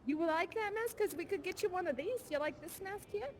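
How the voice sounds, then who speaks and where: A woman's voice: very high-pitched, lively intonation, fairly quick, a little hiss or hum. A woman playing a bubbly, giggly young woman who longs to bartend, chatting and rambling on through a headset mic in a live virtual reality show. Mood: chatty. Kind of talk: improvised live character chat.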